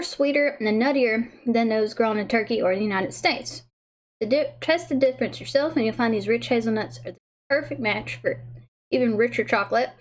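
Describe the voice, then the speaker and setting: A woman hosting a casual livestream, bubbly and giggly, who stumbles over words as she reads aloud. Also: a little high. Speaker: livestream host tasting snacks.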